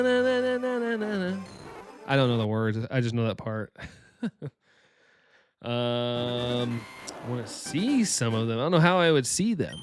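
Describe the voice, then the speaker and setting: Chatty man with a light Southern accent. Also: medium pitch. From Southern United States. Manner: chatty and upbeat, laughs often, greets viewers by name. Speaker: live-stream host. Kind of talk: casual live-stream chat, reading chat.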